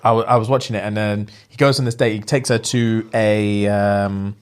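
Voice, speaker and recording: A young man telling a story as a podcast co-host, slangy and animated, acting out what people said. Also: fairly low pitch, normal speed, clean tone. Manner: animated, slangy, acts out quotes. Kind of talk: casual storytelling chat.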